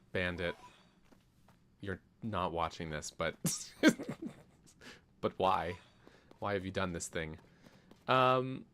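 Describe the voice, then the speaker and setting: With a little hiss or hum in the background, a man whose voice sits low yet sounds fairly bright gives playful gameplay commentary on stream, joking about how words are said and laughing often at his own expense.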